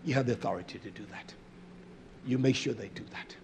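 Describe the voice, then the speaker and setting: A man preaching a sermon, repeating phrases for emphasis and swinging between loud outbursts and low muttering, with a scornful edge. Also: brisk, noisy background.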